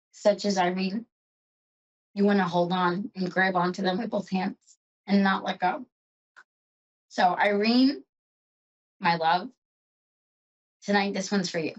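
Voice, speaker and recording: An effusive, emotional woman chats her way through a tarot reading, her voice sitting at an ordinary middle pitch. The sound is slightly muffled and lo-fi. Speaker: psychic show host.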